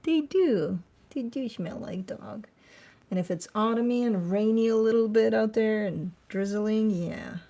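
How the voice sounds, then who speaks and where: A woman's voice: a little high, a little slow, dark tone. A woman hosting a tarot channel, chatting casually at home, swearing freely and cooing at her dog. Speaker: tarot reader and channel host. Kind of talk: casual chat to camera.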